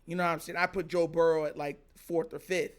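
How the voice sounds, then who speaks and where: A man hosting a sports talk show, giving animated casual reaction commentary and laughing often. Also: on the high side, a little fast, smooth. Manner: animated, excitable, laughs often, mimics players.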